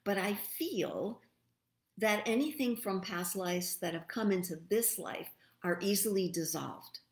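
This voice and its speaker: A middle-aged woman hosting a live stream as a spirit messenger, giving word readings in a slow, soothing, meditative way and thinking aloud. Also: medium pitch. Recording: roomy echo.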